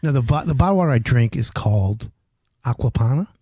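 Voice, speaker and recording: A man in his fifties hosting a home improvement radio show, telling stories with loud animated bursts. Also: medium pitch, fairly quick, slightly rough, dry recording. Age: 50s. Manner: animated storyteller, loud bursts, reads phone number. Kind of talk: casual radio chat.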